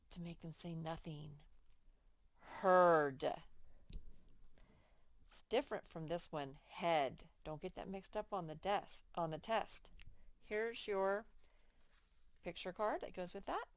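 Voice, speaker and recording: A woman teaching young children to read, slowly stretching out each word with patient, clear explanations. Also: lowish voice, steady tone, no echo. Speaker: first-grade teacher. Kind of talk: slow, patient phonics lesson to young children.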